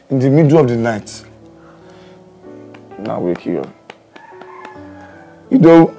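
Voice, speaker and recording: A man's voice: mid-range voice, sing-song, slow, pauses often, mellow, soft background music. A man with a Nigerian accent co-hosting a casual chat, insistent and laughing as he argues his point. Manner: insistent, laughs while arguing. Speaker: podcast co-host.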